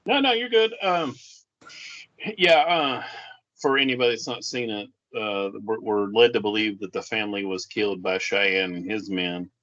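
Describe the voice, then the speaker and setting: A man co-hosting a podcast, talking casually about films in a halting way with many restarts. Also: lowish voice, a bit bright. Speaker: podcast co-host. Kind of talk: casual film discussion. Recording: dull lo-fi sound.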